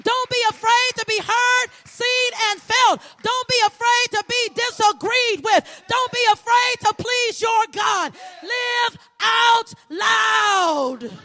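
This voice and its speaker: A woman preaching an impassioned sermon, building repeated lines into ringing shouts. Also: very high voice, takes it slowly, hardly any pauses. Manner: rhythmic repetition, building to shouts.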